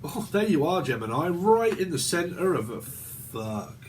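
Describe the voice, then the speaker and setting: With a fairly high voice that swings widely in pitch, this British man in his forties talks a little slowly. He's doing a rambling, sweary tarot reading monologue, laughing often, over a slight hiss or hum.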